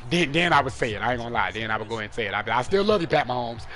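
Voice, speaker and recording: A young man streaming a football video game live, trash-talking and commentating, dropping to mutters and jumping up to yells. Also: mid-range voice, lively intonation, rapid-fire. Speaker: gaming streamer.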